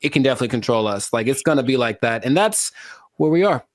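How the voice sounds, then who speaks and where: A man's voice: mid-range voice, lively intonation, fast, no echo, clean studio sound. A man co-hosting a casual podcast, rambling with wry doom and lots of fillers. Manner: rambling, joking doom, frequent "like" and restarts. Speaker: podcast co-host.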